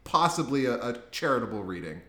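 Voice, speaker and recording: A man's voice: medium pitch, big pitch swings, fairly quick, a bit bright. Man on a podcast in an echoey room. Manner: thoughtful, laughs often. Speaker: podcast co-host. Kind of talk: casual movie discussion.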